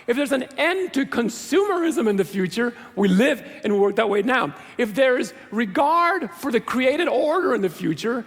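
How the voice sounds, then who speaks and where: A middle-aged male pastor preaching a sermon in a church, earnest and conversational with self-deprecating humor. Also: very high voice. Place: large church sanctuary. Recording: long reverb of a church hall.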